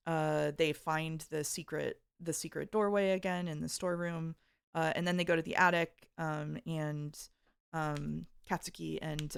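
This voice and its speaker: A woman streamer chatting casually, recapping slowly with lots of ums and uhs. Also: sits low, gravelly, smooth, no echo, clean studio sound. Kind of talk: casual chat.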